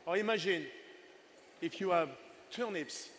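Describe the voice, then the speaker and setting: An older man in his sixties, a chef running a live cooking demo on stage. His voice sits a bit high for a man, and he chats playfully with his helpers and the audience as he works. A faint hum of ambient noise sits behind him. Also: unhurried, a bit bright. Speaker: chef giving a cooking masterclass.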